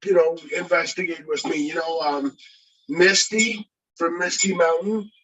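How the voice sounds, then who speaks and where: A man's voice: a little high, steady tone, a little slow, fairly bright tone, distant mic, low-quality recording. A man from Windsor, Ontario, a guest in a casual livestream chat, speaking earnestly and a little ramblingly. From Windsor, Ontario, Canada. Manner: earnest, determined, a bit rambling. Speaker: guest YouTuber.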